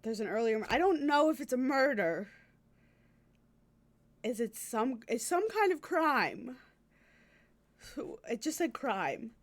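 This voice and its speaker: A woman's voice: fairly high pitch, big pitch swings, slow, long pauses. Chatty woman streaming a game. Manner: chatty, giggly, reads every character's lines aloud. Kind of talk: casual game stream commentary. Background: game music.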